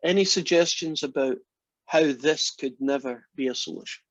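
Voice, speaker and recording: A Scottish man lecturing a math class in a chatty, joking way, with ums and pauses. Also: fairly high pitch, dry recording, dull audio. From Scotland. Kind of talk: university lecture.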